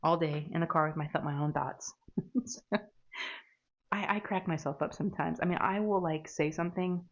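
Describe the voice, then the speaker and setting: A woman's voice: low-pitched, normal speed, muffled recording. A woman chatting casually while she crafts, rambling and laughing at herself. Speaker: diamond painting crafter.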